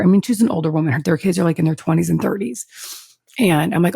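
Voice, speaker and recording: A woman co-hosting a podcast, talking openly and emotionally with a gravelly, husky voice. She swears freely and sounds close to tears at times. Her voice is close and dry, with no room in it. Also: low-pitched, steady tone, fast, darkish tone, no echo. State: tearful. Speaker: podcast co-host. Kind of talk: casual chat.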